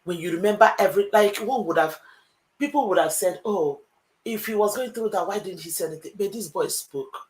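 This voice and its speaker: A woman's voice: mid-range voice, brisk, low-quality recording. Hesitant, heartfelt Nigerian woman. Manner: hesitant, heartfelt, many fillers. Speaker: panelist. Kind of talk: emotional panel discussion.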